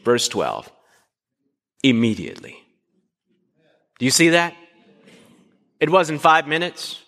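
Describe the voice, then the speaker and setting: A man preaching a sermon, asking his listeners questions and acting out short dialogues. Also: on the high side. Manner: animated, asks the congregation questions. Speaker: pastor. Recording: long hall reverb.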